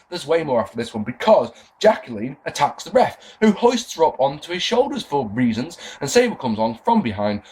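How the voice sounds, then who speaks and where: A man talking through a review in a casual monologue, sarcastic and easily exasperated. His pitch swings widely as he talks, from dry asides to bursts of disbelief, while his voice stays at a middling height. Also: a little mellow, poor audio. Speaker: wrestling review podcast host.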